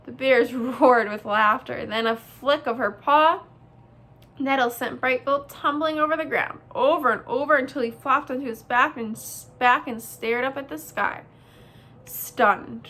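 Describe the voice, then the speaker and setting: A woman reading a children's novel aloud as host, with expressive storybook narration. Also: high-pitched, normal speed.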